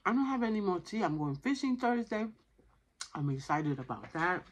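A woman eating on camera and chatting casually with her viewers, her voice husky and sitting on the low side. She pauses between bites and keeps saying "you know". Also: very animated. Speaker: mukbang vlogger. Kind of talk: casual chat while eating.

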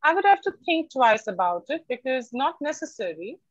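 A woman with an Indian English accent giving an online university lecture, lively and expressive, slipping into Hindi for everyday examples. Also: high voice, normal speed, no room sound. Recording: dry, dull lo-fi online call.

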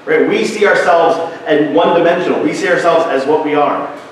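A man's voice: a little high, fairly quick, slight background noise. A man preaching a sermon as pastor, in a conversational way with asides and restarts. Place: church sanctuary. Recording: echoey church hall from a distance.

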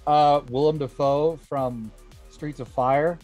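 A man's voice: on the high side, fairly even intonation, slow pace, darkish tone, soft background music. A man playing a tabletop game, chatting casually with a wry, grumbling tone. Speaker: player.

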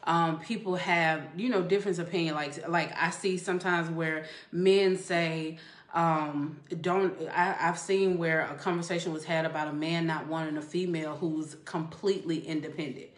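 A woman hosts a relaxed live-stream conversation, her voice sitting on the low side. She laughs easily and talks through the viewers' comments. The sound carries a noticeable room echo. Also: moderate pace. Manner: relaxed, laughs often, reads comments aloud. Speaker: host. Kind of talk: casual chat on a live stream. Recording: echoey room.

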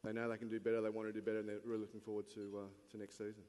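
A man, a head coach, answering on stage in a measured, candid way with frequent fillers. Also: fairly low pitch, completely flat delivery, darkish tone. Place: large function hall at a lunch event. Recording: long reverb in a big hall.

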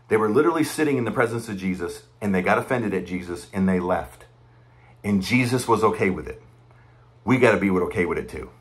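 A man's voice: fairly low pitch, lively intonation, fairly quick. A man giving impassioned, conversational preaching commentary, repeating his points with emphasis. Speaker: online preacher commenting on church news.

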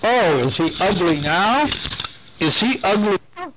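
A man's voice: high voice, expressive, unhurried, background noise. A man reading bedtime stories aloud to a child, playful and chatty, stopping to talk about the pictures.

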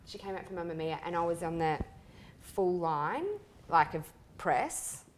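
A woman hosting a casual interview, bubbly and quick to react, telling stories with energy. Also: on the low side, fairly even intonation, slight background noise. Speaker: interview host. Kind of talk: casual chat.

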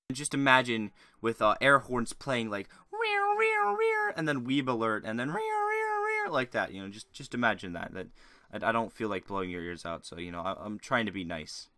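Mocking man with a bright edge. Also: medium pitch, dry recording. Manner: crude, mocking, rambling asides. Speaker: YouTube commentator. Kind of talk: sarcastic reaction commentary.

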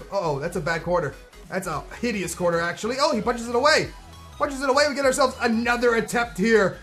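A man commentating on his own football video game, excitable and slangy, who shouts at the plays. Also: high-pitched, fairly quick, soft background music. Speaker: gaming commentator.

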